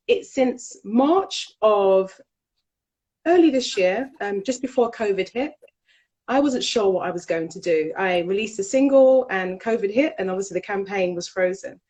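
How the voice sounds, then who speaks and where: A woman's voice: medium pitch, animated, moderate pace, a little mellow, low-quality recording. A woman from Jamaica hosting her own interview show, asking questions in an encouraging way. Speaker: talk show host. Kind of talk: casual interview chat.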